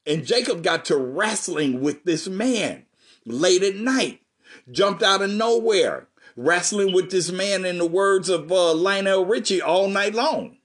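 A pastor delivers a sermon in a husky, somewhat high voice. He talks in a folksy, conversational way, reads Bible verses aloud and turns to ask his congregation questions. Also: expressive, unhurried, fairly bright tone.

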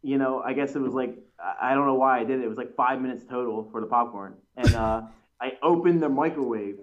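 A man's voice: medium pitch, brisk. Male pro wrestler, casual interview, meandering storyteller with fillers; slightly dull recording. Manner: rambling storyteller, many fillers and restarts. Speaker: pro wrestler, tag team champion.

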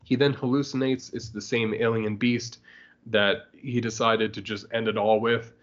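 A man's voice: medium pitch, flat delivery, moderate pace, lo-fi sound. A man co-hosting a podcast, casually recapping a comic book with frequent laughter and acted-out lines. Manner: laughs often while recapping, acts out lines. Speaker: podcast co-host.

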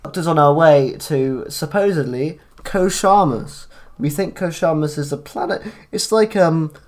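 A man's voice: a little high, measured pace, darkish tone. Chatty man recapping an episode. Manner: chatty, laughs often, rambling with restarts. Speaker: podcast co-host. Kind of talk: casual chat recapping a TV episode.

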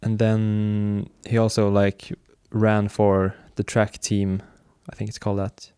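A man chatting casually about books he is reading, relaxed and hesitant, with many fillers and restarts. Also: on the low side, slow pace, smooth, no echo, clean studio sound.

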